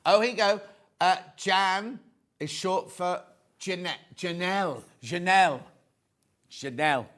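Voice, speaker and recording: A man's voice: high-pitched, a little slow, fairly bright tone. A British man presenting a live sewing shopping show, chatty and teasing as he reads out prices and viewer messages in a TV studio.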